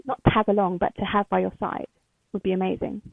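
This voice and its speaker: A woman shares her story in a halting, emotional way, with lots of fillers and restarts. Her voice has a gravelly edge. The sound is dry and narrow, like a phone line. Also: medium pitch, level tone, no echo. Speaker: podcast guest. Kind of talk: candid interview.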